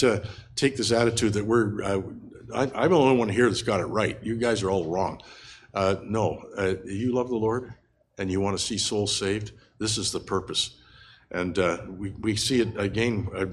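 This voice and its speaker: An older man with a fairly low voice teaches a Bible passage in an unscripted sermon. He talks earnestly and haltingly, with frequent fillers and restarts. Faint ambient noise sits behind him.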